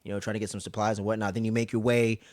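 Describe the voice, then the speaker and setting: A man's voice: lowish voice, little pitch movement, rapid-fire, a little mellow, no echo, clean studio sound. A man co-hosting a casual TV recap podcast, talking loosely and with plenty of swearing. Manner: loose and profane, acts out characters' lines when retelling scenes. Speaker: podcast co-host.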